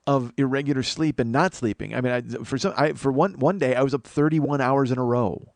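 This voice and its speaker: A man's voice: mid-range voice, brisk, darkish tone, no room sound. A sleep-deprived man hosting a comedy podcast, rambling in a self-deprecating monologue full of swearing and restarts. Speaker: podcast host.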